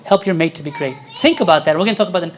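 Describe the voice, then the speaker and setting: A man's voice: high voice, very fast, a little hiss or hum. A man preaching a sermon as a priest, quizzing his congregation and pressing his points with emphasis.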